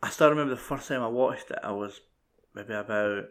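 A Scottish man co-hosting a podcast, chatting casually and haltingly with frequent swearing. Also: fairly low pitch, a bit bright. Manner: sweary, halting, full of fillers. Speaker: podcast co-host. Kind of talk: casual film chat.

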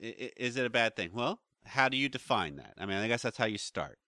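Bright-voiced man rambling on a podcast. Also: medium pitch, expressive, fast talker, no echo, studio quality. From United States. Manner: rambling, restarts and trails off. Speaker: podcast co-host, relationship counselor. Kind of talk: casual chat.

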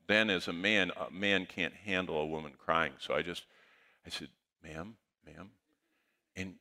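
Low-voiced preacher man with a bright edge. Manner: animated anecdote, quotes dialogue in lively voices. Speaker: pastor. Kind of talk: sermon storytelling.

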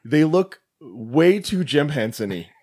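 A man co-hosting a podcast, retelling movie scenes in a casual, swearing way. His pitch swings widely as he quotes lines and breaks into laughter. The talk is loose and chatty. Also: takes it slowly. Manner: animated, swearing. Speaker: podcast co-host. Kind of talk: casual chat reviewing a film.

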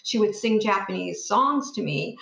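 A woman's voice: medium pitch, animated, moderate pace, vocal fry, sharp tone, reverberant, poor audio. A woman who is an author, talking earnestly and thoughtfully as an interview guest. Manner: earnest, reflective. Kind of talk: interview and reading aloud.

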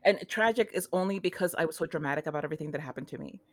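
A woman's voice: low-pitched, very fast, no room sound. Playfully dramatic woman, dry sound. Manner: playfully dramatic, mock-bossy. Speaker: podcast guest. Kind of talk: casual chat.

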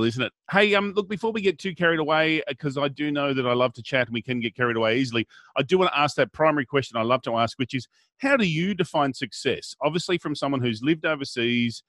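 A man's voice: mid-range voice, fairly bright tone, no echo. Upbeat aussie guy hosting a chat show, dry close sound. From Australia. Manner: chatty, upbeat, jokey. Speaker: podcast host. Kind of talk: casual interview hosting.

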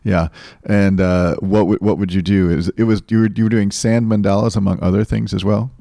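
A man's voice: lowish voice, fairly even intonation, a little fast, creaky, mellow, dry recording, clean studio sound. A man hosting a podcast, asking hesitant questions with restarts. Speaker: podcast host. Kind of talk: interview questions.

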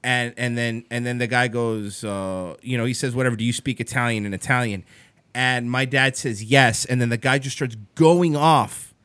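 A man hosts a radio talk show, telling stories with animated, mocking energy. His voice sits at an ordinary middle pitch. The sound is close and dry, as from a studio mic. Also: normal speed, clear, resonant tone, no room sound. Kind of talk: casual on-air storytelling.

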